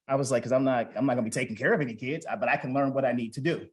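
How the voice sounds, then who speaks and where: A man in his forties delivers an award speech in an event hall, telling a personal story in a chatty way, voicing his family's lines and putting questions to the audience. He talks at a racing pace in a mid-range voice with a breathy edge, and the audio is poor.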